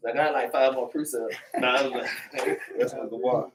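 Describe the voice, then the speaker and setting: A man's voice: medium pitch, steady tone, moderate pace, recorded from a distance, noisy background. A man teaching an informal Bible class, preachy and repetitive, tagging his lines with "man" and "okay".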